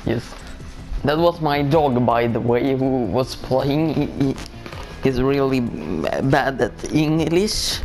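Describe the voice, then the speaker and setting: A Swedish-accented man gives casual commentary over a video game, joking and swearing as he stumbles through restarts. He talks slowly at a middling pitch. Loud game music plays behind him. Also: poor audio. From Sweden. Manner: joking, profane, full of halting restarts. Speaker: gaming video maker.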